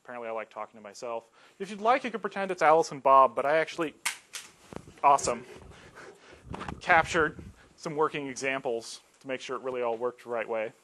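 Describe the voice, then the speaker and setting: A man giving a casual technical lecture, relaxed and joking, with frequent ums. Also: mid-range voice, fairly quick, pauses often. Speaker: campus IT staff giving a colloquium talk.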